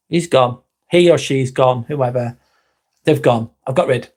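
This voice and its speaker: A man's voice: medium pitch, measured pace, a little mellow. A man hosting a casual live stream, reading viewer comments aloud, calling people mate and standing firm with trolls.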